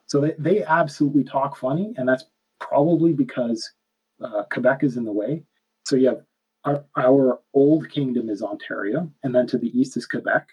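A man's voice: medium pitch, a little mellow, husky, poor audio. A man with a Canadian accent chatting casually, rambling and correcting himself as he goes. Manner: rambling, self-correcting, laughs often. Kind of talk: casual chat.

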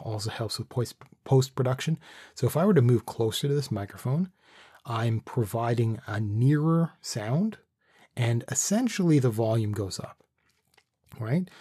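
Man, dark husky voice, dry close studio mic, rambling casual gear talk. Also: medium pitch, no room sound. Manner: rambling, thinking aloud with restarts. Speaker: vlogger reviewing his microphone setup. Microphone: studio condenser microphone with pop screen.

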